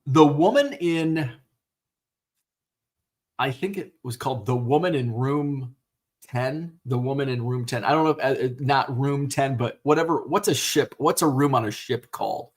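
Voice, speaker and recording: A man's voice: mid-range voice, normal speed. Casual male stream host, middle-aged, rambly and unpolished, talking into a computer mic. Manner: rambling, many fillers and restarts, swears casually. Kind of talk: casual livestream chat.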